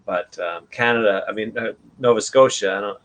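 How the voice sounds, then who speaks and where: A man's voice: lowish voice, brisk, a bit bright, slight background noise. A man with a Northeastern US accent chats casually on a video call, laughing often and rambling a bit.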